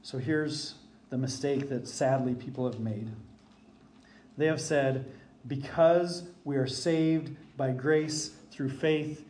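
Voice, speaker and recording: A man's voice: mid-range voice, fairly even intonation, takes it slowly, a little mellow, roomy sound, a little hiss or hum. A middle-aged man, a pastor preaching a sermon emphatically, his voice rising when he quotes scripture.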